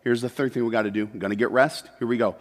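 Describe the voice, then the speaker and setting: A man preaching a sermon as pastor, moving between loud emphatic peaks and quiet, confessional asides. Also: medium pitch, fairly even intonation, racing. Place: church sanctuary. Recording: long hall reverb.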